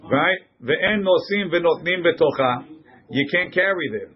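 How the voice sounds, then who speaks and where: A man leads a classroom Talmud lesson, his voice a little higher than most men's. He reads each Hebrew or Aramaic phrase and then translates it into English. The recording is muffled and lo-fi. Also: lively intonation, unhurried. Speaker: Talmud teacher. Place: classroom with students.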